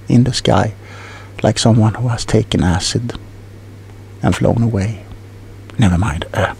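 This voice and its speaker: A man's voice: lowish voice, creaky, a little hiss or hum. A man playing a rambling, scatterbrained tingle salesman in a whispered role-play, stumbling over his words. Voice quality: soft whispering. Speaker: ASMR role-play performer.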